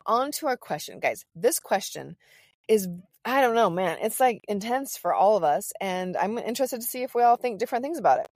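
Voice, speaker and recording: A woman's voice: medium pitch, a little mellow. A chatty woman in her forties co-hosts a parenting podcast. She talks in a loose, laughing way, and her voice sits mid-range in a close, dry recording with no room echo. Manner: chatty, laughing, reads listener questions aloud. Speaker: podcast co-host. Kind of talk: casual parenting podcast chat.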